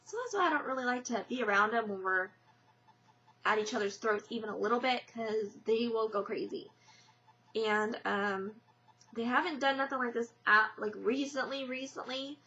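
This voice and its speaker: Chatty young woman, bright lo-fi voice. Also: a little high, normal speed, a little hiss or hum. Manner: rambling, many fillers and restarts. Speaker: vlogger. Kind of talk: casual personal vlog. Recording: lo-fi dull webcam audio.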